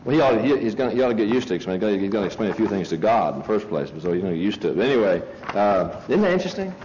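A man's voice: fairly low pitch, very animated, rapid-fire, darkish tone, echoey room. A man lecturing in a conversational sermon style, telling anecdotes emphatically with many restarts and asides to his listeners. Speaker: preacher lecturing on a religious movement. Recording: dull lo-fi tape with faint hiss.

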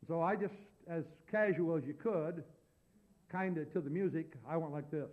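High-voiced folksy male preacher. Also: normal speed. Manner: folksy and animated, building to loud preaching. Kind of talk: storytelling sermon. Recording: dull lo-fi recording.

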